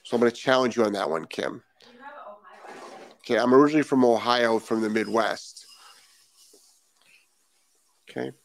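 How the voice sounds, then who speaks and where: A man's voice: mid-range voice, moderate pace, gravelly, pauses often. A man from Rhode Island, a dog trainer hosting a live stream and reading out viewer comments, talking emphatically, repeating key phrases and asking rhetorical questions.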